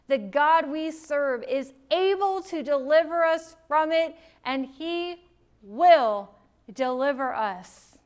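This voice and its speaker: High-voiced woman preaching slowly. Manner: emphatic, dramatic swings between loud and hushed. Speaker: Bible teacher. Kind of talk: sermon.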